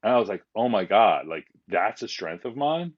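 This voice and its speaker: A man's voice: lowish voice, very animated, normal speed, muffled recording. A man talking as a guest on a podcast, speaking candidly and rambling with frequent fillers and restarts. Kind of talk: casual conversation.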